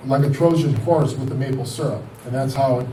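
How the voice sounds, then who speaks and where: A man in his fifties gives a personal testimony in a loose, conversational way, retelling back-and-forth conversations as he goes. His voice is mellow and sits back from the mic, with noticeable room echo. A faint hiss runs underneath. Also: mid-range voice, fairly even intonation, fairly quick, far from the mic. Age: 50s. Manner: rambling, conversational, retells dialogue with "I says" and "he goes". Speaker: patient telling his story.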